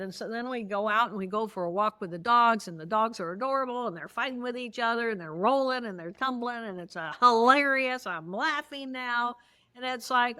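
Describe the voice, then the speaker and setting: Expressive woman acting out voices. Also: on the high side, normal speed. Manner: acts out voices, playful, expressive. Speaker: guest neuroanatomist. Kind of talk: animated interview storytelling.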